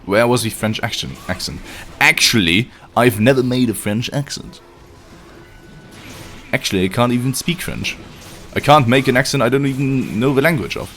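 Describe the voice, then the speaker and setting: Speaking at normal speed in a medium-pitched voice, a man livestreams a video game and chats with his audience. His casual commentary mixes jokes with swearing.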